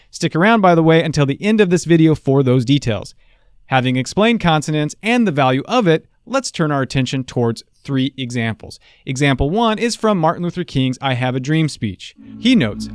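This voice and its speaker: A man's voice: fairly high pitch, dry recording, clean studio sound. A man hosting a scripted public speaking lesson in a playful, jokey manner. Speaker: host and public speaking teacher.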